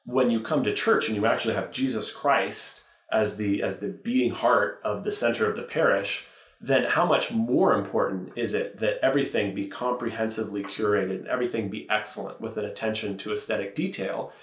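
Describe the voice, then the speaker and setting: Priest guy talking earnestly on a podcast, lowish voice, kinda echoey room. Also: a little fast, fairly bright tone. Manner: thoughtful, earnest, with self-corrections. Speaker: priest and teacher. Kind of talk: podcast interview. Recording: roomy echo.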